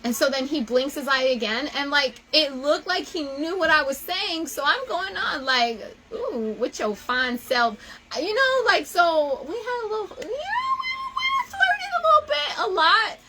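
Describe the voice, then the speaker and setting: A young woman talking casually to her viewers, animated and emotional, often gushing. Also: very high voice, normal speed, hardly any pauses, rough recording. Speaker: vlogger.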